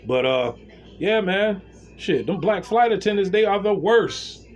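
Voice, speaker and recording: A man's voice: high voice, unhurried. A man speaking a casual monologue to his viewers, telling a story with plenty of swearing and addressing them directly as "y'all". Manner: animated storytelling, swearing freely; talks straight to viewers as "y'all". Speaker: vlogger.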